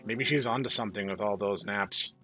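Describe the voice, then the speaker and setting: A man hosting a game channel, reading a visual novel aloud in a measured manner, dropping to a low murmur for narration. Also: music in the background. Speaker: host.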